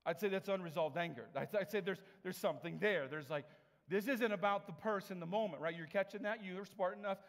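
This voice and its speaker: This preacher's voice is high and a little fast as he delivers a sermon through conversational stories, acting out the characters with lively quoted voices. The recording rings with the long reverb of a big hall.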